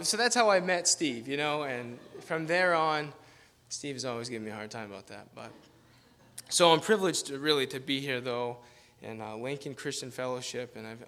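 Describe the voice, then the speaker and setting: A man's voice: mid-range voice, moderate pace, a bit bright. A man preaching as a guest pastor, telling a rambling, self-deprecating story in a casual manner and laughing often. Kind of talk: informal sermon with storytelling.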